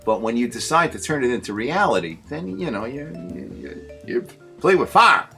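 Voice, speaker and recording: A man hosts a casual talk show and tells funny stories. His pitch rises and falls in a lively way, and he often laughs at his own jokes. He speaks at a middle pitch. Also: measured pace, gravelly, faint music behind. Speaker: show host. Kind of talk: casual comedic storytelling.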